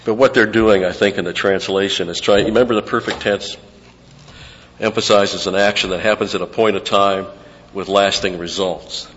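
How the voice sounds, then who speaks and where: Lower-voiced man preaching in a reverberant hall. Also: fairly even intonation, normal speed, fairly bright tone, muffled recording. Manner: teaching verse by verse, explaining grammar, repeats phrases for emphasis. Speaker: pastor. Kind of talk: expository sermon.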